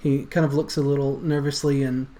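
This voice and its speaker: A man running a tabletop game as game master, describing scenes and explaining rules in a relaxed way. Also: mid-range voice, a little fast.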